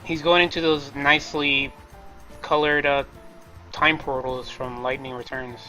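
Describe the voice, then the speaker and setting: A man's voice: mid-range voice, level tone, a little slow, sharp tone, faint music behind, low-quality recording. A man co-hosting a casual gaming podcast, teasing and joking with the others. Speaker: podcast co-host.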